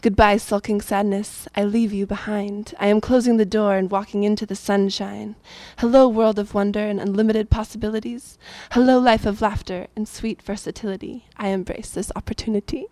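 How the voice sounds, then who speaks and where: A woman's voice: medium pitch, flat delivery, moderate pace, hardly any pauses, mellow, no room sound. A woman from Northern California introduces herself and gives a rhythmic spoken-word poem reading at a live community gathering. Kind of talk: poetry reading then singing with guitar.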